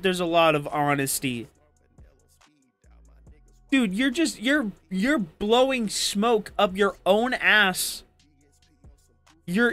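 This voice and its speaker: A high-voiced man rants in a heated political argument, swearing and hurling insults. His voice is dry and close to the mic, with faint music behind him. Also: a bit bright, no echo. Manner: angry, profane, insulting. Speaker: debate participant.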